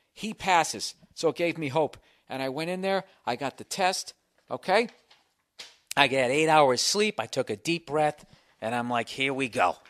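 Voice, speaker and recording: A man in his forties with a Boston accent, hosting a podcast and telling a comic story in a profane, animated way full of self-mocking inner voices. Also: mid-range voice, no echo, studio quality. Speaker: podcast host. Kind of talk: comic monologue.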